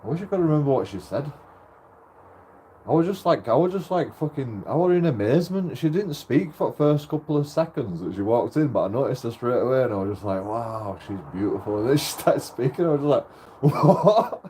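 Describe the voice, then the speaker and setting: A man's voice: mid-range voice, expressive, quick pace, dark tone, a little hiss or hum. A man vlogging in casual, rambling chat. He laughs often, swears a lot and restarts his sentences.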